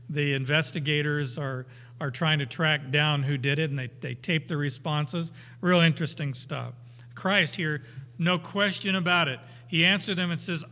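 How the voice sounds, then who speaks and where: An older man teaching through a Bible passage in a folksy, unhurried way, slowing down to read the verses emphatically. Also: fairly high pitch, bright, forceful tone. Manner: folksy, unhurried, with anecdotes and chuckles; emphatic when reading scripture aloud. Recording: hall reverb.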